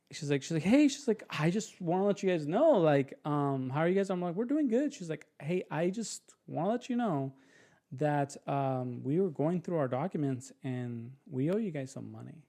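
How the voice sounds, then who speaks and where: A young guy guesting on a podcast tells a story in casual chat, animated, acting out other people's voices and restarting quickly. His voice is fairly high with vocal fry.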